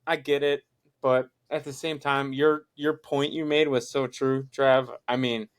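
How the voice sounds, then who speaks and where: A man's voice: medium pitch, level tone, a little slow, smooth. A young man co-hosting a casual sports podcast, heated and swearing as he retells conversations with friends. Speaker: podcast co-host.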